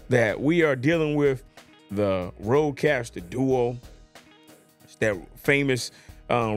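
Playful, chatty man, slightly higher voice. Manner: playful, chatty, keeps asking if you follow him. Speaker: tech gear reviewer. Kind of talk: casual product demo. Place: home studio, indoors. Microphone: USB podcast mic on desk.

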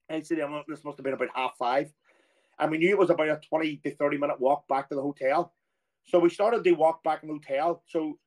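A middle-aged Irish former footballer, appearing as a guest, tells a lively anecdote in an Irish accent with a fairly high voice for a man. He speaks casually and animatedly, throwing himself into the voices he quotes as the story unfolds.

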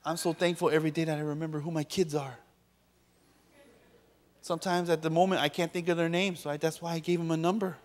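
A man's voice: fairly high pitch, flat delivery, fast, long pauses, darkish tone. A man preaching as a pastor, joking with the audience and acting out quoted voices. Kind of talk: sermon. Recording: long reverb of a large hall.

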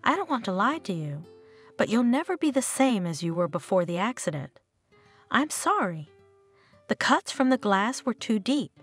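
A woman voicing a calm, frank male hospital doctor in an audio story, speaking matter-of-factly. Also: mid-range voice, normal speed, breathy edge, soft background music. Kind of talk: storybook narration.

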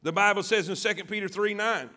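A man preaching a sermon as pastor, calling on the congregation to answer back and swinging from quiet, low lines to loud ones. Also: steady tone, quick pace. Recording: church sanctuary.

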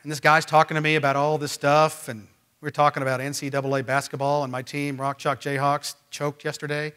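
A man preaching a sermon as pastor, emphatic and swinging from loud, rising lines to quiet ones. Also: on the high side, level tone, a little fast, smooth. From Missouri. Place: church.

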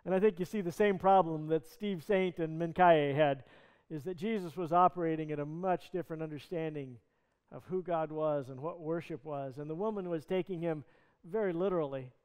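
High-voiced pastor preaching in a reverberant church. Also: male voice, brisk, darkish tone, clean tone. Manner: earnest storytelling, retelling scripture in conversational words. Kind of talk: sermon. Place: church sanctuary. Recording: long reverb of a church hall.

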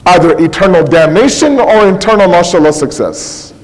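A man's voice: high-pitched, animated, normal speed, long reverb tail, low-quality recording. A male preacher giving a conversational sermon full of rhetorical questions and acted-out quotes. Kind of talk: religious sermon.

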